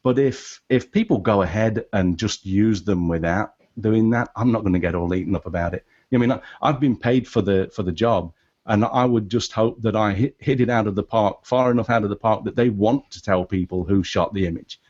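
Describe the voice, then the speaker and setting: A man speaking as a podcast guest in casual discussion, animated and halting, with a non-American English accent and many restarts. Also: lowish voice, highs cut off.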